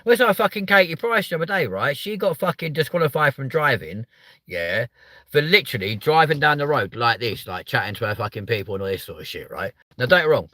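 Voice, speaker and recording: Young man, live stream host, crude banter, bright edgy tone, dry close sound. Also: mid-range voice, lively intonation, fairly quick, no echo. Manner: sweary, mocking, swings between loud outbursts and muttered asides. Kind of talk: crude comedic live chat. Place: in a car.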